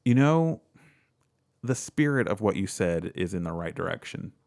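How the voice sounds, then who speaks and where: A man with a very low, deep voice hosts a loose, casual chat. He reads facts aloud and riffs on them with offhand jokes and easy swearing. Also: sing-song, normal speed, vocal fry, darkish tone. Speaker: podcast co-host.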